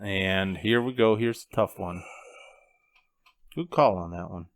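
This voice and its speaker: A man's voice: sits low, measured pace, a crowd in the background. A man co-hosting a podcast who reads trivia questions and answers with terse, teasing one-liners. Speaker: podcast co-host reading trivia. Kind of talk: casual chat, trivia quiz.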